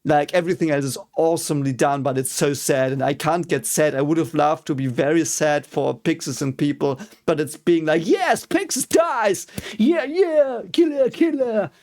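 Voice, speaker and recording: Fairly quick and hardly pausing, a young German man with a German accent talks in a slightly high, darkish, steady voice. As a reaction video host, he gives casual commentary on an anime episode, getting frustrated, cursing often and letting out mocking cheers.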